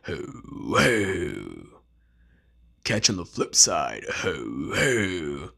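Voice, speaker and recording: A man voicing a slacker petty crook from a cartoon, in a lazy drawl pitched below his own voice. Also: wildly swooping pitch, extremely slow, vocal fry, sharp tone, full character voice. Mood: sneering.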